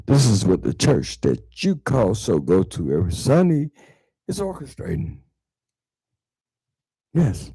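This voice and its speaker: A man hosting his own show, ranting heatedly to viewers about religion and spirituality, swearing a lot and repeating words, swinging from low mutters to loud outbursts. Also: breathy edge, no room sound, poor audio. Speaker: online show host. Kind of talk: profane spiritual rant to viewers.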